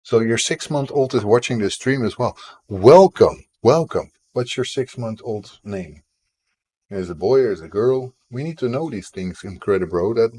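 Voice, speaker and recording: A man's voice: on the low side, a little mellow. A man developing a game live on stream, chatting in a rambling, playful way with his viewers. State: tickle in the throat. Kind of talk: casual live-stream chat.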